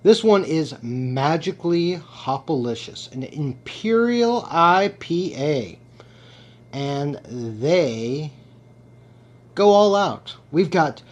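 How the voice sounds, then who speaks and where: A man's voice: a little high, animated, slow. A man hosting a casual beer tasting review, playful and theatrical, savoring each sip aloud.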